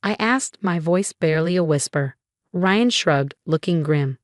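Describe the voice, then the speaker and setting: Low-voiced woman narrating a dramatic story. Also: moderate pace, dry recording, clean studio sound.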